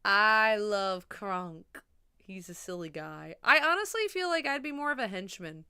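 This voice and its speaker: Chatty young woman streamer, smooth voice. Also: mid-range voice, expressive, unhurried, pushed and bright. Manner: chatty, swears casually, rambling. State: a little drunk and high. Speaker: livestreamer. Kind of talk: casual livestream chat.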